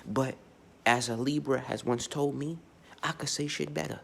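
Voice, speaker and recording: An astrology vlogger delivers a blunt, profane, unscripted monologue in a mid-range, gravelly, slightly bright voice at normal speed with fairly even intonation. He speaks emphatically and often restarts sentences, with slight background noise.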